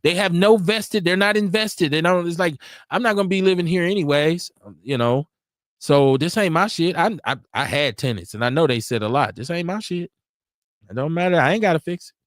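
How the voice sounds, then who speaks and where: A man hosting a live online show, talking in a blunt, slangy way with lots of animation. His voice sits a little high for a man. The sound is dry, with no room echo. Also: brisk. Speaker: host. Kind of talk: casual live stream talk. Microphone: video call.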